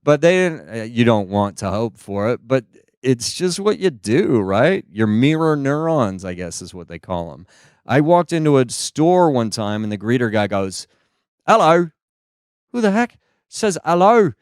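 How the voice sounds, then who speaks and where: With big pitch swings, a moderate pace and a darkish, clean tone, a young US comedian tells stories into a handheld mic on a small stage. He pops into goofy high voices for the people he quotes; the recording is studio quality with no echo.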